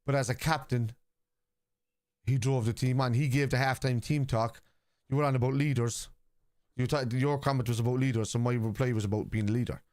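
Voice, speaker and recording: A man's voice: mid-range voice, fairly even intonation, fairly quick, darkish tone. An Irish man hosting a live football watchalong stream, arguing point by point with viewers' comments in a combative way.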